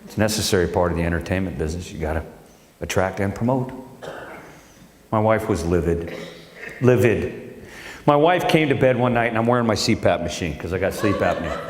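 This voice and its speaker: A man's voice: deep voice, expressive, quick pace. A middle-aged man doing live stand-up, wry and storytelling. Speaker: stand-up comedian. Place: live stage at a benefit show. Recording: echoey hall, live stage.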